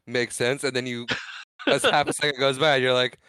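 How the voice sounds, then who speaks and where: Smooth-voiced man recapping a movie. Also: mid-range voice, steady tone, pushed and bright, no room sound. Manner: retells scenes with quick quoted voices, laughs often. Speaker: podcast co-host. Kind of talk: casual movie recap chat.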